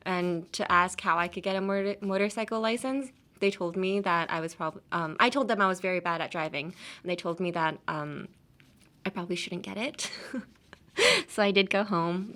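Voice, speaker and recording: A woman's voice: medium pitch, a bit bright. Chatty young woman hosting a podcast. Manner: chatty, laughing often, many fillers. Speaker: podcast host teaching English. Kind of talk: casual English lesson chat.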